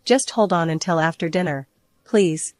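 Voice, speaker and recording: Stern husband in a read-aloud story, firm and clipped, scolding, fairly low voice, as a woman reads him, dry close sound. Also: moderate pace, darkish tone, no room sound, close to an everyday voice. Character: controlling, cold adult husband.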